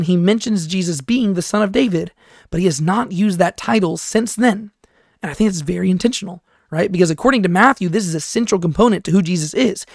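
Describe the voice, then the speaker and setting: Bible study lecture, gravelly voice, dry recording, explanatory, keeps asking "right?". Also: medium pitch, no room sound. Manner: reads scripture passages aloud in between. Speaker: Bible teacher.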